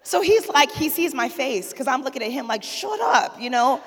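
A woman in her forties, a pastor's wife, telling a funny story to a church audience in an animated way, laughing and acting out the dialogue. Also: high-pitched, fairly quick, in a large hall, a little hiss or hum. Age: 40s. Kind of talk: humorous storytelling testimony.

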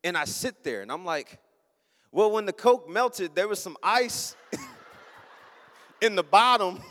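A man's voice: high-pitched, slow pace, in a large hall. A young man preaching a sermon, telling a funny story and acting out the people in it. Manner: animated, acts out the people in his story. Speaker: pastor.

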